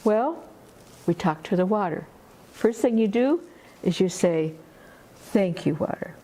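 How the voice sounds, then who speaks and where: Lady telling a story at a water festival, warm mellow voice, chatty and slow-going. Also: mid-range voice, animated. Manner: unhurried, conversational, full of asides. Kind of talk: oral storytelling.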